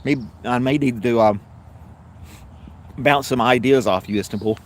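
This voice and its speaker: A middle-aged man with a Southern American accent runs a laid-back live stream, talking with viewers and spinning long stories packed with fillers, restarts and self-corrections. His voice sits in the mid range and moves a little slowly, and he laughs easily as he goes.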